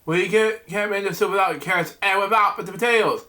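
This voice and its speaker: A man's voice: high-pitched, a little fast, sharp tone. A man reading as an impatient diner. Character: hungry, impatient restaurant customer, adult man.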